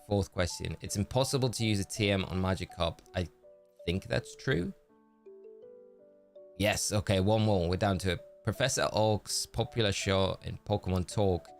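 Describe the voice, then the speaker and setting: A man casually commentating his game stream, thinking aloud and greeting viewers in chat. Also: deep voice.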